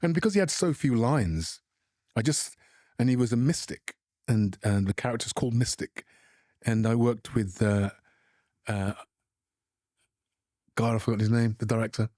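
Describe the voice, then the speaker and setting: A man's voice: medium pitch, a little mellow, dry recording, studio quality. A middle-aged British man from England, an actor answering interview questions in a reflective way with frequent restarts. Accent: British English. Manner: reflective, halting with repeated restarts. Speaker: actor guest.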